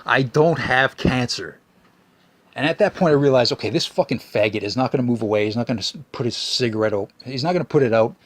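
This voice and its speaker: A man's voice: mid-range voice, very fast, few pauses, no room sound. A man hosting a podcast, ranting and complaining in a rambling, profane way, full of restarts. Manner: whiny complaining. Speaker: podcast host. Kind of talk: ranting monologue.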